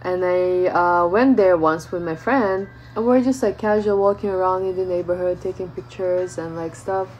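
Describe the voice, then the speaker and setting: A woman's voice: on the low side, moderate pace, few pauses, muffled recording, slight background noise. Chatty woman telling a story. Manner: chatty, peppers speech with "like", animated retelling. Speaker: vlogger. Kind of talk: casual storytelling.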